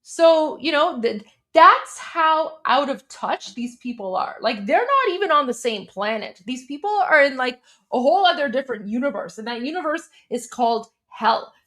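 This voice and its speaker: On her live stream, a young adult woman from Iran reacts to a hearing with heated scorn, repeating herself often for emphasis. Her high-pitched voice is a bit bright, with lively intonation at a normal speed.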